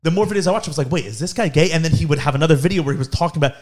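A man with a slightly high voice hosts a loose comedic chat. He rambles through his story with many restarts and stumbles. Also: very fast, a little mellow. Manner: rambling, restarts often, laughs while telling. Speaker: podcast host.

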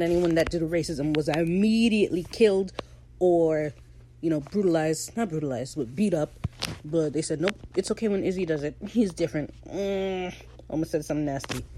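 A woman's voice: lowish voice, moderate pace, dark tone, slight background noise. A woman hosting a podcast, recapping a TV episode in slangy, opinionated casual chat and laughing easily. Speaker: podcast host.

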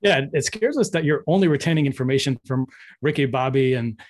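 A man's voice: mid-range voice, animated, fairly quick. A man hosting a podcast among friends, talking loosely with lots of fillers and teasing the others. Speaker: podcast host. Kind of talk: casual chat.

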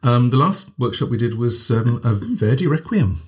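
A man's voice: mid-range voice, expressive, normal speed. A man co-hosting a podcast about voice training, chatting casually and enthusiastically, often trailing off mid-sentence. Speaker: podcast co-host, voice coach.

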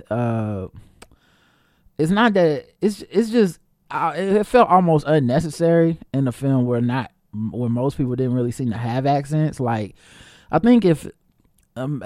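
A man's voice: medium pitch, warm tone, no echo, studio quality. A man hosting a podcast, talking casually and candidly in a rambling way, with lots of fillers, restarts and some swearing. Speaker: podcast host reviewing a film. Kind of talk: casual solo podcast chat.

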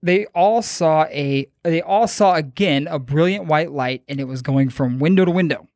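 A man's voice: fairly high pitch, normal speed, a little mellow, no room sound, clean studio sound. A man hosting a podcast, retelling a story in loose, profane, joking chat. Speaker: podcast host.

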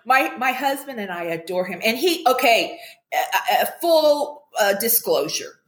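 An older woman chatting upbeat on a video call, telling stories with animated quotes. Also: fairly high pitch, a little slow, reverberant. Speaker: guest, commercial actress. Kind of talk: casual chat on a video call.

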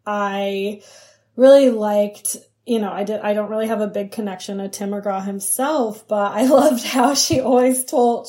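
A woman's voice: mid-range voice, darkish tone. A young woman, a writer and comedian, chatting as a podcast guest in a rambling, giggly way. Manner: chatty, rambling with fillers and laughs. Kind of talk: casual interview chat.

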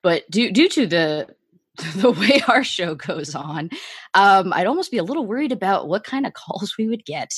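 A woman from Miami chats as a podcast guest, her husky voice swinging lively up and down. She is wry and halting, often restarting a phrase, and the sound is dry and close. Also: medium pitch, no echo. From Miami, Florida. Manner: hesitant restarts, wry and laughing. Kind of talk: casual podcast chat.

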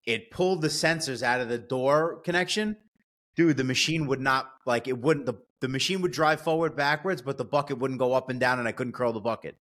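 A man's voice: medium pitch, brisk. Man telling rowdy, profane work stories. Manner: profane, animated storytelling. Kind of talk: casual chat.

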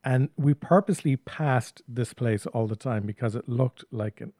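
A man co-hosting a casual chat, telling a relaxed anecdote. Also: mid-range voice, normal speed, no room sound, studio quality. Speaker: co-host.

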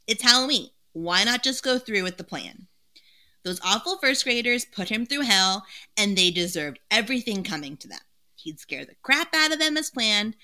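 A woman co-hosting a podcast, retelling a book's plot in a casual, animated way with frequent laughter. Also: medium pitch. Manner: animated storytelling, laughs often. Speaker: podcast co-host. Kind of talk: casual book recap with chat.

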